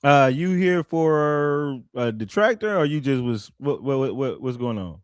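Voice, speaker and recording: A man's voice: mid-range voice, animated, measured pace, smooth, dry recording. A man hosting a livestream, talking with callers in a confrontational, mocking, trash-talking way. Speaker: livestream host.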